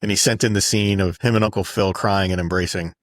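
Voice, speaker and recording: A man's voice: fairly even intonation, fast, dry recording, studio quality. A man co-hosting a casual podcast, chatting and joking, sometimes slipping into impressions. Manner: jokey, breaks into high-pitched impressions. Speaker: podcast co-host. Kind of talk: casual chat.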